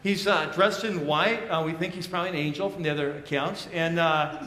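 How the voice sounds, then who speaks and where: A pastor preaching a sermon in a church, telling the story conversationally with bursts of excitement and hushed, emphatic drops. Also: male voice, fairly high pitch, fairly quick, echoey room, slight background noise. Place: church auditorium.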